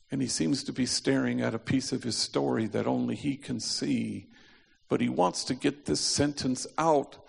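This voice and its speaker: A man preaching a sermon through a story, slowing to a near hush on the key phrases and acting out the voices of the people in it. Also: mid-range voice, creaky, slightly rough. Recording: reverberant hall.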